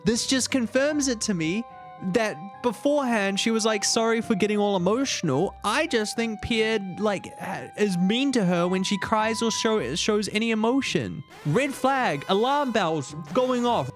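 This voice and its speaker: A woman streamer giving crude, excitable commentary while playing a game. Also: mid-range voice, a little slow, faint music behind.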